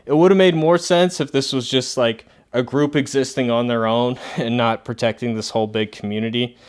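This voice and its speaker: A man's voice: medium pitch, steady tone, moderate pace, clean tone. A young man giving a casual, chatty comic book review, often laughing and making sarcastic asides.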